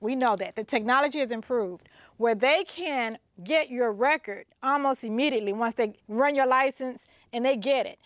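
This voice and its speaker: Earnest woman, slightly high voice. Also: no room sound, clean studio sound. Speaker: lawyer, guest. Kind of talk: explaining on a talk show.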